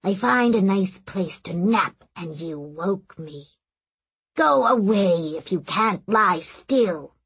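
A woman voicing an ancient, grumpy male crocodile god in an audiobook, speaking slowly and wearily, complaining. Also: medium pitch, expressive, breathy edge, heavily acted. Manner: slow, weary and complaining. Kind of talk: audiobook narration.

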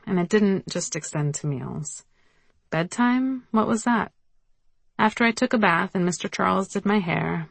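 A woman's voice: fairly low pitch, gravelly, no room sound. A woman reading her own memoir aloud in a wry storytelling manner. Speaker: memoir narrator. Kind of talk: audiobook narration.

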